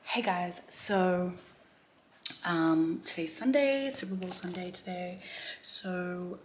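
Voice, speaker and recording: A woman in her twenties chatting casually to camera for her vlog, rambling with lots of fillers and sometimes dropping her voice low. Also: slow pace. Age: 20s. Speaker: vlogger. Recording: noisy background.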